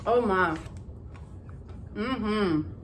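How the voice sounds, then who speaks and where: A woman, chatting excitedly to her viewers in a casual haul vlog. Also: medium pitch, extremely slow, slight background noise. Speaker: vlogger.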